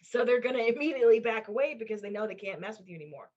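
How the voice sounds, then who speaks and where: A woman co-hosting a casual podcast chat, talking in an animated, emphatic way and swearing casually. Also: fairly high pitch, rapid-fire. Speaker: co-host, intuitive channeler. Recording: dull lo-fi sound.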